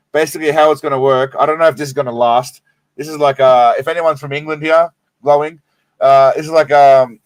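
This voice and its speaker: Play a stoned Australian man hosting a live stream. Keep it loose, profane and rambling, with a mid-pitched voice in a dry, close sound. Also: no echo. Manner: rambling, profane, laid-back. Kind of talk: casual live stream chat.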